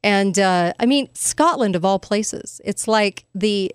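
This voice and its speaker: A woman's voice: medium pitch, takes it slowly, smooth, dry recording, clean studio sound. A woman hosting a casual commentary monologue, sarcastic and emphatic, laughing at her own points. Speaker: commentary host.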